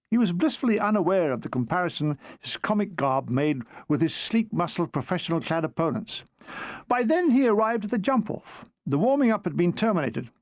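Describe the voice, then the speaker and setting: Male audiobook reader, high and gravelly, dry close sound, expressive comic delivery. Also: no echo. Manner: expressive reading with comic timing. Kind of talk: audiobook narration of a war memoir.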